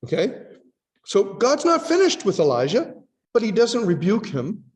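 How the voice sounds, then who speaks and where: A man's voice: sits high, huge pitch swings, moderate pace, darkish tone, long reverb tail. A man preaching a sermon, teaching in a conversational tone as he reads scripture aloud and acts out voices.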